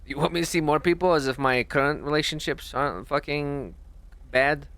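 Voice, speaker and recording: A man roleplaying in character in casual, profane chat, halting with fillers. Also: fairly high pitch, vocal fry, a bit bright, clean tone, dry recording. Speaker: roleplay player.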